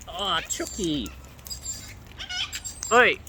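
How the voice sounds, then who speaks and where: A woman's voice: fairly low pitch, very animated, slow pace, very noisy. A woman talking playfully to wild birds outdoors while feeding them, cooing and scolding them in baby talk. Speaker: bird feeder filming wild birds.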